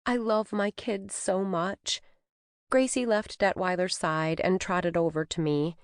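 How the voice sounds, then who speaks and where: A woman narrating a cozy mystery audiobook in the first person, with an expressive storytelling manner. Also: on the low side, measured pace, clear, resonant tone, no room sound, clean studio sound. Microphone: studio microphone.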